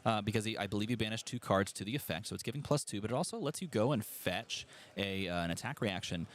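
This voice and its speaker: A man with a low-pitched voice gives live commentary on a card game match. He breaks down plays in a chatty, analytical way, speaks straight to the stream chat and laughs easily at himself. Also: lively intonation, fast.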